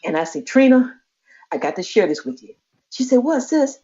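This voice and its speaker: This woman talks fast in a low, dark, sing-song voice. As a podcast co-host, she tells a lively story, mimicking the voices of those she quotes and laughing frequently, all in muffled, lo-fi audio.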